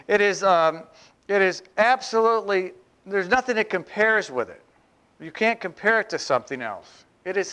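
Smooth-voiced pastor preaching conversationally. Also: male voice, sits high, pushed and bright. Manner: conversational, with humorous asides; emphatic, slowing down to stress phrases. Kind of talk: sermon.

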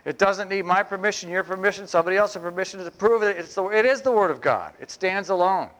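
A man preaching a sermon as pastor, chatty, with humorous asides, and slowing down to stress key phrases. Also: high-pitched, fairly bright tone.

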